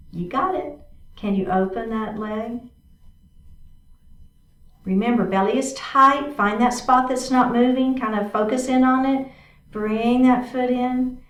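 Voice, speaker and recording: A woman guides a chair yoga class in a fairly high voice, calling out each move and asking how it feels. She stands a little away from the mic, and the room echoes around her. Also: takes it slowly, pauses often. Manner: encouraging, cueing moves step by step with frequent check-ins. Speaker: yoga instructor. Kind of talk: guided exercise class instruction. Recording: roomy sound from a distant mic.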